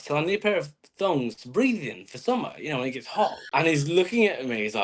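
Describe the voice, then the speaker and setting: A man's voice: a little high, very animated, fairly quick, hardly any pauses. A man from Australia who lives in England, a podcast guest telling stories in a dry, self-mocking way with lots of fillers. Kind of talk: casual chat. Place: living in England.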